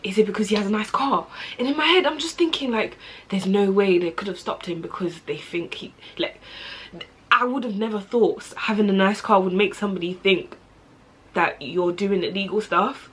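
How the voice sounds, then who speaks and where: A woman's voice: mid-range voice, normal speed, breathy edge. A young adult woman, talking earnestly and passionately in a rambling personal vlog monologue.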